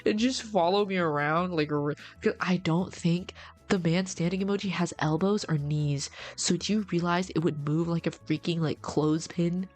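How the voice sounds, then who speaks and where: A young woman VTuber chatting casually on a live stream, rambling and teasing, with low-quality mic sound. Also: moderate pace, darkish tone. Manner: rambling, repeats herself, teasing. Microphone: game chat headset mic, low sound quality.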